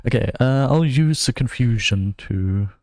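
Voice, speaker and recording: A man's voice: mid-range voice, animated, unhurried, darkish tone, no room sound. A young man from Germany, giving wry, self-mocking running commentary while streaming a game. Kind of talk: casual gameplay commentary.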